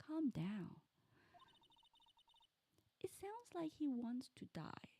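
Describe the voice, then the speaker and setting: A woman voicing a calm, composed female senior attorney in a game playthrough. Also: high voice, drawn-out words, vocal fry, breathy edge, voice pushed up, full character voice.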